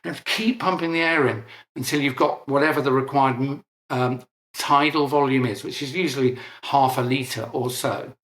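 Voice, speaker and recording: In an echoey room, an older scientist from Britain gives an earnest interview on technical subjects, often restarting his words. He speaks British English in a medium-pitched, steady, fairly bright voice at a moderate pace.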